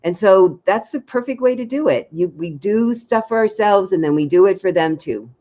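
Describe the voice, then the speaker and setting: A woman dating coach giving frank, lively advice in a casual chat, acting out little quotes. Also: medium pitch, normal speed, lo-fi sound.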